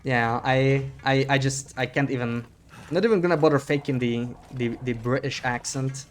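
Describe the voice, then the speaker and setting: A man's voice: mid-range voice, steady tone, normal speed, faint music behind. A young man chatting casually on a live stream while he plays, reading chat aloud and joking about himself. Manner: chatty, reads chat aloud, self-deprecating laughs.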